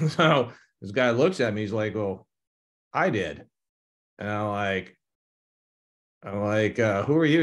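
Laughing middle-aged man telling stories. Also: lowish voice. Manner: chuckles often, acts out quoted dialogue. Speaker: attorney guest. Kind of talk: casual anecdotal storytelling.

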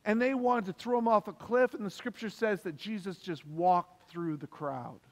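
High-voiced pastor preaching in a reverberant hall. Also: male voice, moderate pace. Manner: emphatic, repeats key phrases for stress. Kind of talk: sermon. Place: church hall. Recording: long reverb of a church hall.

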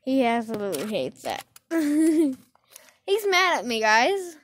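A woman's voice: sits high, big pitch swings, slow. A young woman vlogging at home in her bedroom, playful, dropping to whispers and breaking into squeals. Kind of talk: casual vlog, spying on her cat.

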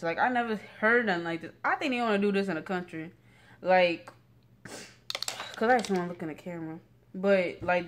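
A woman's voice: medium pitch, slight background noise. A teenage girl talks straight into her phone camera in a loose, rambling rant. Her talk is full of slang, restarts and fillers, sitting at home late at night. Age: late teens. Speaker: vlogger.

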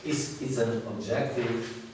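A man giving an academic lecture, speaking haltingly with many fillers and restarts. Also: mid-range voice, steady tone. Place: lecture room. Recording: distant echoey hall recording with hiss.

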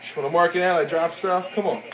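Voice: medium pitch, fairly even intonation, fast, crowd noise. A parent counting workout reps aloud in a playful, teasing way during a home video. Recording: echoey room.

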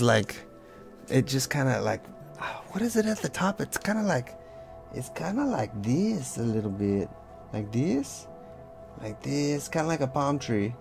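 Gravelly laid-back man drawing along. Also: mid-range voice. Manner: rambling, loose, full of "like" and sound effects. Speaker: art teacher. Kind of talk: casual draw-along tutorial.

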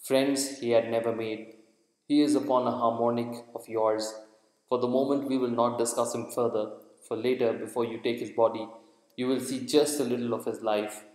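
Man voicing wise calm lama guide, measured solemn delivery, echoey reverb. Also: mid-range voice, lightly acted. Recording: echoey room with long reverb.

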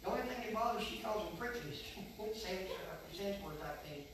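A man's voice: high voice, animated, normal speed. Older male pastor, folksy sermon, distant mic in a reverberant sanctuary with faint noise. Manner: folksy preaching, swings from soft to loud. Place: church sanctuary. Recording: echoey church from far off.

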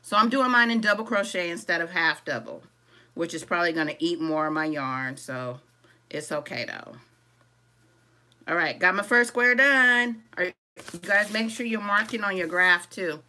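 A woman's voice: fairly low pitch, moderate pace. A woman hosting a live crochet tutorial in a casual, chatty way, greeting viewers by name and reading out their comments as she works. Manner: casual and relaxed, calls viewers "y'all". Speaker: crochet-along host. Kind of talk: live-stream craft tutorial.

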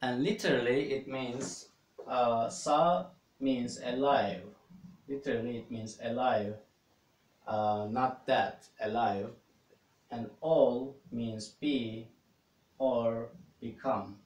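A man's voice: medium pitch, takes it slowly, a little mellow, recorded from a distance. A man with a Turkish accent teaching phrases of his language, explaining patiently with many fillers and restarts. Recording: echoey room, set back from the mic.

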